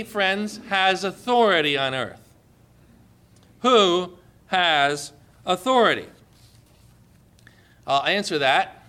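Guy preaching, high voice, acts out the quotes loud n emphatic. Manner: emphatic, acts out quoted lines with swings in pitch and loudness. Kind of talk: sermon.

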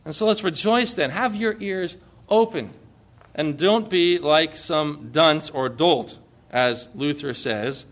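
Man, pastor, sermon, high-pitched, earnest, conversational, asks questions. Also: takes it slowly, fairly bright tone.

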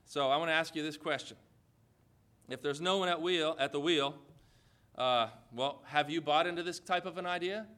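A man's voice: on the high side, sharp tone. A man preaching a sermon, reading scripture aloud and pressing his listeners with emphatic direct questions. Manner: emphatic, preacherly, with dramatic pauses. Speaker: pastor.

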